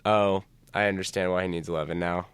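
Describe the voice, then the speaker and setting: A man's voice: low voice, steady tone, fast talker, smooth, no echo. A man co-hosting a casual morning show, wry and mock-exasperated. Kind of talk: casual banter.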